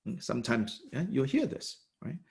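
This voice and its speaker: A man lectures on a religious text as a Buddhist teacher, speaking in a thoughtful, halting way. His voice has a gravelly edge and moves up and down widely in pitch. He fills his pauses with soft fillers and laughs lightly now and then. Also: sing-song. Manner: laughs lightly while explaining.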